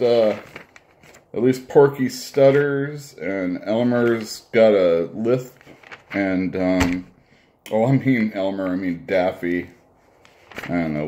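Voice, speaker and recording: A man with a somewhat low voice rambles through a casual review between bites, offhand and blunt. He sounds like a comic shop owner chatting to the camera. A faint background hiss sits under his voice. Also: a little mellow. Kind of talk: casual review while eating.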